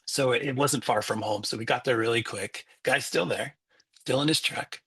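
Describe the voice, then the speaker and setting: A man's voice: mid-range voice, moderate pace, slightly rough. A middle-aged man, a guest coach, telling a personal story in conversation and acting out the people in it. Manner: animated storyteller, acts out the people in his story.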